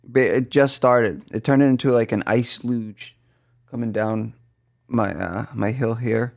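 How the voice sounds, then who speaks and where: A man's voice: mid-range voice, steady tone, unhurried, vocal fry, darkish tone. A man with a Boston accent, co-hosting a casual podcast and rambling through stories with many restarts. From East Coast US. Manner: rambling, self-correcting storyteller. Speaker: podcast co-host. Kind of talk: casual chat.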